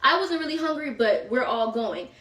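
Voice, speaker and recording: A young woman chats through a long storytime, circling back with asides to her viewers. Her voice sits a bit high and comes from some distance off the mic. The room around her is echoey. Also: big pitch swings, normal speed, bright, forceful tone. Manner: chatty, filler-heavy, rambling asides to viewers. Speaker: storytime vlogger. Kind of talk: casual storytime chat.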